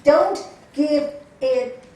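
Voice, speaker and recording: A woman's voice: sits high, extremely slow, far from the mic. Woman yoga teacher in an echoey room. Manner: animated storytelling, acting out quoted people.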